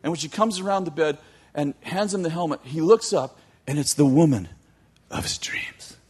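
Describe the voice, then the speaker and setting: A man telling a long story in a sermon, animated, with joking asides to his audience. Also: fairly high pitch, brisk, slightly rough. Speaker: youth teacher.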